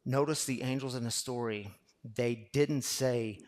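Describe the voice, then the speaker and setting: A man's voice: medium pitch, a little slow, darkish tone. A man preaching a sermon to a live congregation, calling them y'all and acting out a talk with his own fear. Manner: acts out inner dialogue with fear. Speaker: pastor. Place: room with a live audience.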